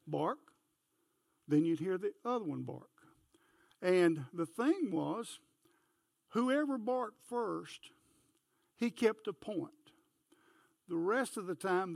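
A man's voice: sits high, gravelly, no echo, studio quality. A man preaching a folksy sermon in church, telling homespun stories and talking straight to the congregation. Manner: homespun, anecdotal, talks to the congregation directly. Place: church sanctuary.

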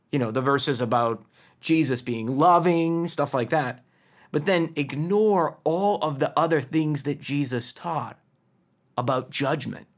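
A man's voice: on the high side, fairly bright tone. A man preaching a sermon, earnest and emphatic, with pointed rhetorical questions.

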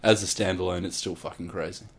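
A man's voice: sits low, steady tone, quick pace, vocal fry. A man co-hosting a podcast, talking in an easygoing, profane way and laughing often. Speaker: podcast co-host. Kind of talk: casual chat.

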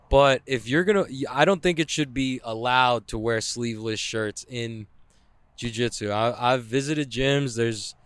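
A man talks on his podcast while driving, rambling and cursing freely with a wry, self-mocking edge. His voice is smooth and clear at an ordinary middle pitch. The sound is close and dry, with no room around it. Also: no echo. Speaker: podcast host. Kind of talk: casual solo podcast monologue. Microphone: headphones with mic.

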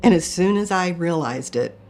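A woman's voice: on the low side, lively intonation, moderate pace, darkish tone. Earnest woman telling a personal story. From Michigan. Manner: earnest, emotional, acts out her inner thoughts in quotes. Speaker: near-death experience storyteller.

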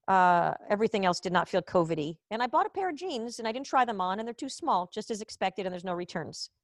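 A woman from Israel rambles through a casual comedy monologue, swearing freely and poking fun at herself. Her voice sits mid-pitch and sounds close and dry, like a computer mic on a video call from home. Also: expressive, fast, no room sound. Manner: chatty, profane, self-mocking, jumps between topics. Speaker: comedian hosting a live online show. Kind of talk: casual rambling stand-up chat.

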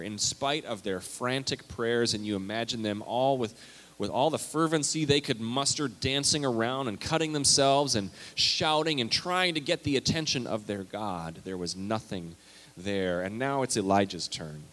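A male pastor preaching a sermon, animated and emphatic, reading scripture aloud with big swings in loudness. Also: on the low side, moderate pace. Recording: long hall reverb.

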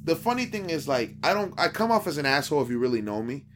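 A man's voice: on the high side, fast, slight background noise. Slangy man telling a dating story. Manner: animated, acts out quoted dialogue; profane, slangy street talk. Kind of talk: casual podcast storytelling.

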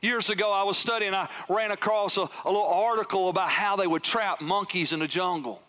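A man preaching a sermon as pastor, swinging from loud emphatic peaks down to hushed, near-whispered lines. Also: high-pitched, fairly quick.

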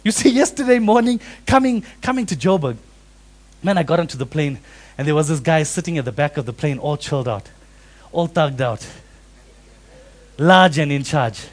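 A man preaching a sermon, animated and acting out quoted voices. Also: fairly high pitch, moderate pace, long pauses. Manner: animated, acts out quoted voices with big swings in loudness. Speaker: pastor.

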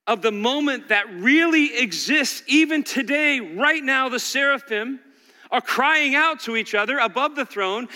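A male pastor preaching a sermon, swinging between loud exhortation and quiet intensity. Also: very high-pitched. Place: large church hall. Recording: long hall reverb.

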